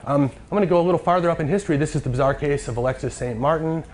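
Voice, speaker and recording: A man giving a lecture from slides, halting and full of fillers and restarts. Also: a little high.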